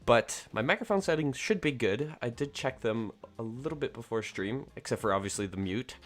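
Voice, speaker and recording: A man's voice: medium pitch, animated, brisk. A man hosting a casual livestream, rambling with lots of fillers and self-corrections from a somewhat echoey room at home. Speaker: livestream host.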